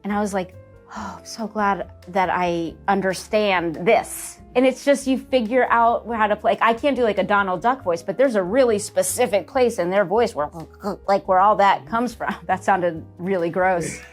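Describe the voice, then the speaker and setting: Chatty, lively woman from New Jersey. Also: medium pitch, soft background music. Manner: lively and chatty, laughing and dropping into quick character voices. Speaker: voice actress guest. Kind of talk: casual interview talk.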